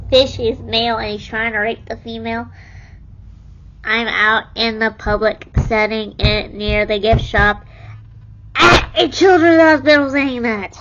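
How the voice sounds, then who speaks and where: A woman's voice: fairly high pitch, lo-fi sound. A young woman casually telling stories from her hospital stay, laughing often and acting out what people said. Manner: laughs often while telling, animated quoting of others. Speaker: vlogger telling her life story. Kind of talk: casual storytelling.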